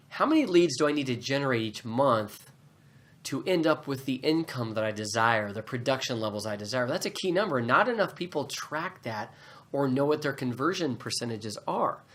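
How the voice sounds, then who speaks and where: A man with an ordinary middle-pitched voice speaks to camera as a regional manager. His talk is casual and explanatory, often restarting a phrase before carrying on. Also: a bit bright. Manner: conversational, explanatory, frequent restarts.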